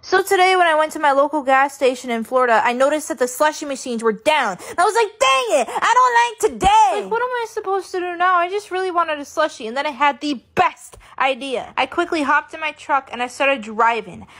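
A young woman tells a silly comic story in a loud, bouncy, exaggerated voice. Her pitch is very high. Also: animated, fairly quick, few pauses. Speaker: comedy creator. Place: in Florida.

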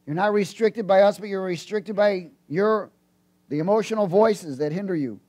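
Male preacher, high voice, lively sermon delivery with loud peaks and quiet asides. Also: moderate pace. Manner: animated, swings from loud bursts to low asides.

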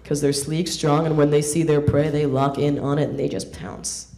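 A woman's voice: low voice, little pitch movement, moderate pace, warm tone, voice pushed down. A woman voicing a cocky young man who brags about himself in a smug, swaggering way. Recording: roomy club sound.

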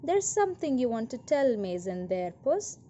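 A gentle little housewife, as a woman reads her. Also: a little high, sing-song, normal speed, a little hiss or hum. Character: kindly tiny old housewife.

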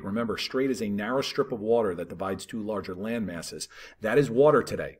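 A man teaching a history lesson in a relaxed, conversational way, talking over maps and checking in with "right?" and "all right". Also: fairly low pitch.

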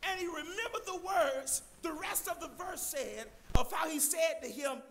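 A man preaching a sermon, loudly addressing the congregation as church, with a gravelly edge. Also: very high-pitched, unhurried, hardly any pauses. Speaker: pastor.

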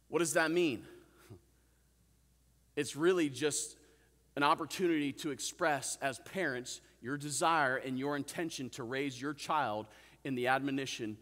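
Male pastor delivering a sermon, mid-pitched voice, long hall echo, earnest with wry asides. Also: a little slow, a bit bright. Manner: calls out "Amen?" and asks the congregation questions; earnest, with self-amused asides. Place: church sanctuary.

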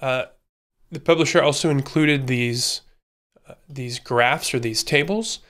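Guy doing a screen tutorial, mid-pitch voice, thinking out loud with lots of ums. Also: a little slow. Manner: relaxed thinking aloud, many fillers. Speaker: instructor. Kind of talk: screen-recorded tutorial walkthrough.

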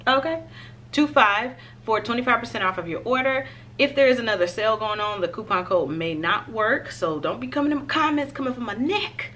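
A woman fashion vlogger chatting casually to her viewers in a try-on haul, expressive and direct. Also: a little high, fairly quick, a little hiss or hum.

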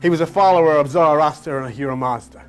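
High-voiced man ranting with mocking fervor. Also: fast, soft background music. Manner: mocking, impassioned, sings and mimics others. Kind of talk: animated monologue.

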